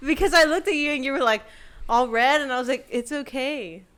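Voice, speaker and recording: A woman co-hosting a casual podcast chat, giggly and teasing, quick to argue back. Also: high voice, a bit bright, raised voice. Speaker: podcast co-host.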